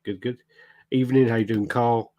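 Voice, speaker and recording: Swearing podcast host. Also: male voice, mid-range voice, normal speed, dull audio, a crowd in the background. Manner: animated storyteller, swears a lot, acts out quotes. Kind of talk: casual chat.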